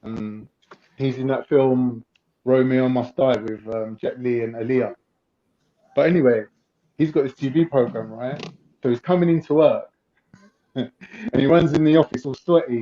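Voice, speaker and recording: A man's voice: medium pitch, normal speed, pauses often, dull audio. A man with a North London accent in casual chat, telling stories animatedly.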